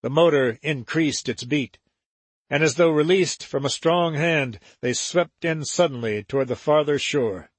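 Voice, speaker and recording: A man reads a novel aloud in a measured, steady voice. His tone is husky, a little higher than most men's, and recorded dry and close with no room around it. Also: no room sound. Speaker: narrator. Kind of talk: audiobook narration.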